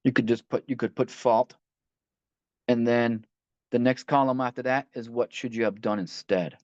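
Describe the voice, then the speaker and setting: A man's voice: mid-range voice, fairly even intonation, normal speed, darkish tone, no echo. A man leading a line-by-line recovery book study, talking conversationally and often restarting phrases as he reads passages aloud. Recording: dull, dry lo-fi audio.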